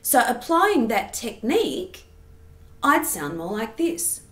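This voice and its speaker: A woman's voice: a little high, big pitch swings, slow, a bit bright, roomy sound. A woman giving an online singing lesson, explaining technique and stopping to sing short demonstration phrases. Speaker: singing teacher.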